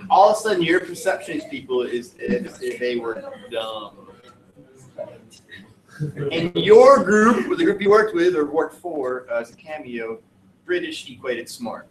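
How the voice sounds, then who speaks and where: A man's voice: a little high, big pitch swings, a little slow, a crowd in the background. A man from the United States teaching a class, lecturing in a chatty, jokey, digressive way. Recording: roomy classroom audio from a distant mic.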